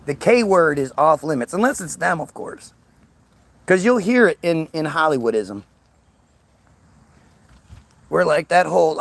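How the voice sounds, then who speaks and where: A man's voice: a little high, expressive, a little slow, vocal fry, long pauses, dry recording. A man ranting into the camera in a heated, profane monologue, stammering and repeating words. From United States. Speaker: vlogger.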